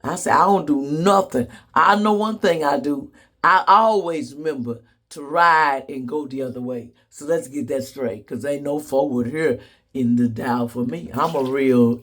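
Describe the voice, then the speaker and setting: A man's voice: mid-range voice, a little slow, fairly bright tone. A man telling comedic stories to the camera in a sassy, blunt way, laughing often. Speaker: vlogger. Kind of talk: casual comedic storytelling.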